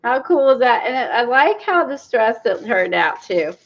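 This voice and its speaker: A chatty woman talks her viewers through a craft project, excitable and quick to gush. Her voice sits a bit high. The stream audio is dull and lo-fi. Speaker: craft livestream host. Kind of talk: casual livestream demo chat.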